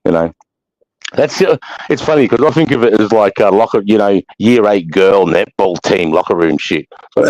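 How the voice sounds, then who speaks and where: A middle-aged Australian man hosting a casual livestream chat, blunt and swearing often, telling stories with animated, jumping energy. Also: lowish voice, moderate pace, dry recording. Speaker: livestream host, army veteran. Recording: dull, dry lo-fi stream audio.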